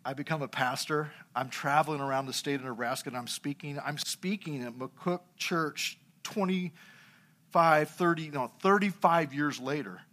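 A man's voice: a little high, normal speed, fairly bright tone. A middle-aged man, a pastor, preaching a sermon and telling a humorous story from his own life.

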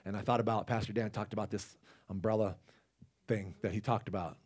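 A man's voice: fairly low pitch, fairly even intonation, a little fast, darkish tone. Man giving a rambling casual sermon. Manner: conversational, rambling with restarts and asides. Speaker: lay preacher.

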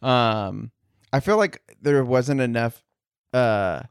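A man's voice: medium pitch, slow pace, clear, resonant tone, no echo, clean studio sound. A man co-hosting an anime podcast, chatting eagerly and full of fillers such as "like" and "dude". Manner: enthusiastic, filler-heavy, says "like" and "dude" a lot. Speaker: podcast co-host. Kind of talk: casual anime review chat.

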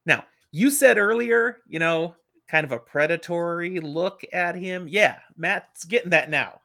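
A man's voice: sits high, measured pace, gravelly, pushed and bright. A middle-aged man hosting a casual book discussion, animatedly retelling the plot and acting out the characters. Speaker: podcast host.

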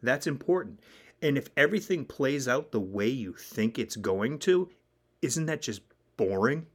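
A man's voice: medium pitch, measured pace. A man co-hosting a podcast, chatting casually and jokily about movies. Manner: animated, jokey, quotes lines in put-on voices. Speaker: podcast co-host.

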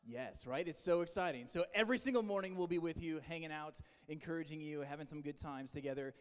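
A young man with a fairly high voice gives a playful, teasing pep talk to a room of teen volunteers. His voice rings with a long reverb in a large indoor hall. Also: fast talker, clean tone. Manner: playful teasing, loud and coaxing. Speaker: camp leader training teen volunteers. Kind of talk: energetic pep talk to a group.

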